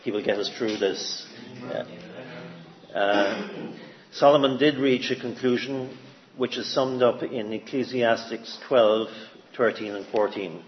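A man giving an informal sermon, halting, with many fillers and restarts as he speaks. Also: medium pitch, echoey room, a little hiss or hum. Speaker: lay preacher. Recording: dull lo-fi sound with faint ambience.

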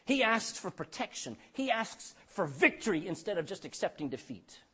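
A pastor preaching a sermon, calling out for amens and dropping between loud bursts and hushed lines. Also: male voice, high voice, very animated, normal speed, slightly rough. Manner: calls for amen from the congregation.

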